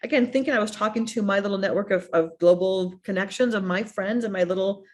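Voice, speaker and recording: A middle-aged woman speaks earnestly as a guest about losing her son. Her voice sits at an ordinary middle pitch, and she circles back and repeats phrases as she recounts messages people sent her. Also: fast. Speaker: guest, bereaved mother. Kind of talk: emotional personal storytelling.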